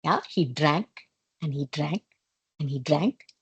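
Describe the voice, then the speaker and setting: A woman with an Indian accent, an educator telling a children's story in a playful, expressive way over a video call. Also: low voice, takes it slowly, breathy edge. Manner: expressive, playful, with emphatic repetition.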